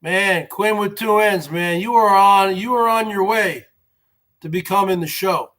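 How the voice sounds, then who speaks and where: Man, 40s, high bright voice, rambling mocking rant, vlogging from home. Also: a little slow. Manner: repetitive, drawls "man" at line ends. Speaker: vlogger host.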